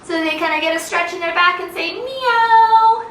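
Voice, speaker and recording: A woman's voice: very high-pitched, little pitch movement, fast talker, bright, forceful tone, echoey room, far from the mic, a little hiss or hum, low-quality recording. A young woman leading a children's yoga lesson, playful and sing-song, making animal sounds as she teaches.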